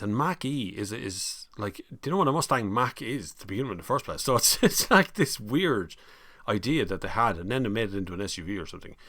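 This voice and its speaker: A man's voice: lowish voice, fairly bright tone, dry recording. An Irish man hosting a motoring live stream, chatting casually in a rambling way and reading out viewer comments. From Ireland. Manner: chatty and rambling, laughs easily.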